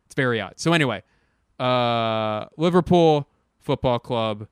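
A man's voice: mid-range voice, a little slow, smooth, no room sound, studio quality. A young man hosting a podcast, rambling casually and profanely with a self-mocking edge. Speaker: podcast host. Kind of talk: casual comedic monologue.

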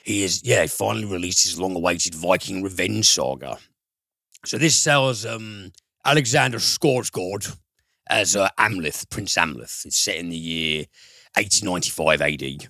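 Male podcast host, very low voice and bright tone, loose rambling reviewer who swears casually. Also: animated, normal speed, creaky, dry recording, clean studio sound. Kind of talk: casual film review chat.

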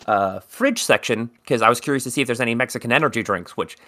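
A man's voice: medium pitch, fast, bright, forceful tone. A man from South Jersey co-hosting a podcast, telling a long rambling story in casual chat and swearing freely. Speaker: podcast co-host.

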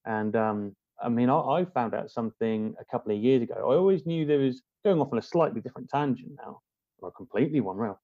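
A man, a podcast guest, talking in a rambling, halting way with many restarts. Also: medium pitch, no echo, narrow, tinny audio. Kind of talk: casual conversation.

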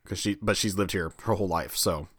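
A man from Kansas co-hosting a podcast in a relaxed, easygoing way and often laughing. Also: low voice, brisk, no room sound, clean studio sound. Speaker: podcast co-host. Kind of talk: casual chat.

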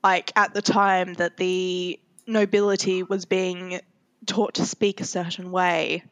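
A woman hosting a podcast in casual chat, talking thoughtfully with frequent pauses and fillers. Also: fairly low pitch, little pitch movement, a bit bright. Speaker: podcast host.

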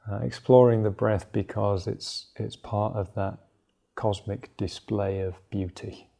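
Male meditation teacher, low gravelly voice, mellow tone, relaxed and thinking aloud in class. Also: unhurried.

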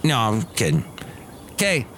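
A man's voice: medium pitch, huge pitch swings, measured pace, a bit bright, slight background noise. Rambling, jokey man hosting a podcast. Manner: rambling, self-mocking, jokey. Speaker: podcast host. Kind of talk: casual solo podcast chat.

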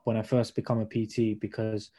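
Man, young, fast-paced, mellow voice, slangy storyteller. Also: on the low side, little pitch movement, breathy edge. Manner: slangy, storytelling, acts out dialogue. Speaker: podcast guest, personal trainer. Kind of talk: casual chat.

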